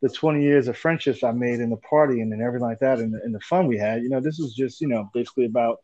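A man in his forties hosting a casual chat, telling animated stories, laughing often and swearing casually. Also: medium pitch, racing, no echo. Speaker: podcast host. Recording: dull lo-fi dry sound.

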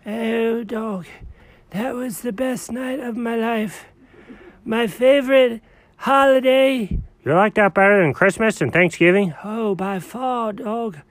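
A man acts out a wired, sugar-crazed tomcat with a high, bouncy voice. He is excitable, rambles, and tosses around "dog" as a nickname. The sound is dry and close. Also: takes it slowly, dry recording. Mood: giddy. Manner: excitable, calls everyone dog. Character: hyperactive sugar-crazed male cat.

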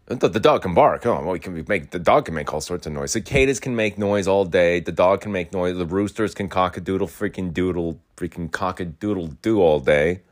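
A young man with a low, deep voice talks in a loose, rambling rant. He swears often, circles back to the same complaints and repeats himself, moving in and out of his rural home as he talks. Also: fairly quick, hardly any pauses. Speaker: podcast host. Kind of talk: rambling casual monologue.

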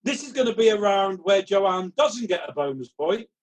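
High pitched guy hosting a comedy quiz on a video call, reads answers all dramatic. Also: animated, normal speed. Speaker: quiz host. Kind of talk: comedy panel show chat over video call.

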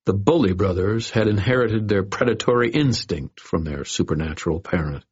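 A man narrating a story in the first person, with steady, dry, wry storytelling. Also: lowish voice, normal speed, slightly rough. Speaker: audiobook narrator. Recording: dull lo-fi audio.

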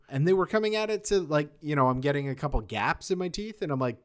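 Male podcast co-host, slightly high voice, animated and laughing, casual chat. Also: quick pace, few pauses.

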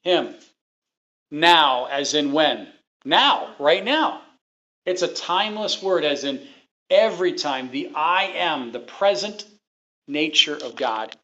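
A man's voice: a little high, lively intonation, slow, pushed and bright. A man preaching a sermon to his congregation, emphatic and repeating his points, asking the people questions. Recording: dull lo-fi recording.

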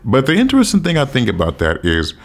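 A man's voice: medium pitch, wildly swooping pitch, quick pace. A man from the United States giving a casual, rambling opinion monologue, often correcting himself and swearing offhandedly. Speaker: commentator.

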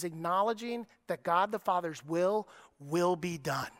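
High, bright-voiced male pastor preaching. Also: animated, no room sound, clean studio sound. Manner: preaching with dramatic shifts in tone, acting out voices; drops to soft, slow, quiet delivery on key lines. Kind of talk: sermon.

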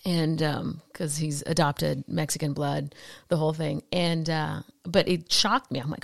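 Woman, late 30s, low gravelly voice, dry close sound; lively storyteller on a podcast. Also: unhurried, no room sound. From Puerto Rico. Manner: animated, laughing, acts out quotes. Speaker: podcast guest. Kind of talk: casual storytelling.

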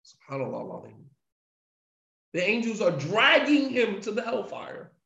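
Man preaching a morning sermon, kinda high voice, earnest, asks the listeners stuff, roomy muffled recording. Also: sing-song, moderate pace, creaky, pushed and bright. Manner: earnest, addresses listeners with rhetorical questions.

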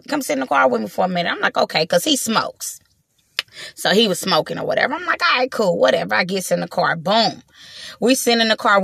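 A young woman from Watts tells a wild story in a casual, animated way, acting out the voices and swearing freely. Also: on the high side, no echo, studio quality. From Watts, Los Angeles.

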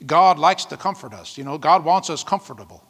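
A man's voice: fairly high pitch, brisk, fairly bright tone, long reverb tail. A man preaching a sermon as pastor, reading scripture aloud and breaking into whoops and laughter. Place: church.

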